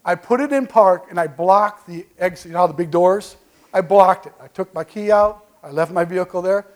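A man preaching as pastor, telling folksy stories with call-and-response asides and swinging from quiet remarks to loud bursts. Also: high-pitched, fairly quick. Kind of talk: sermon.

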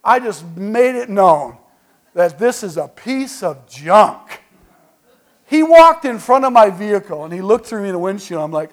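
A man preaching as pastor, telling folksy stories with call-and-response asides and swinging from quiet remarks to loud bursts. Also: high voice, lively intonation, measured pace, pauses often. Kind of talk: sermon.

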